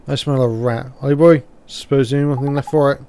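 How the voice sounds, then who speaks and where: A man's voice: medium pitch, steady tone, brisk, warm tone, a little hiss or hum, natural voice. A man reading out the lines of a cheeky little fairy sidekick, talking in a folksy, chummy way full of tag questions. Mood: chatty.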